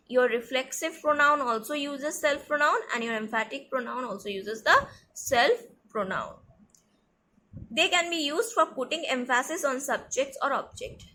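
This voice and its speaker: A woman teacher giving a grammar lesson, repeating each example slowly and checking in with "okay" and "see". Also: high voice, pushed and bright.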